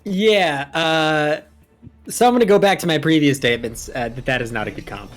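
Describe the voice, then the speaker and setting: A man co-casting a live match as the analyst, delivering dry, blunt verdicts in a deadpan way. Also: a little high, normal speed, soft background music. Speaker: co-caster analyst.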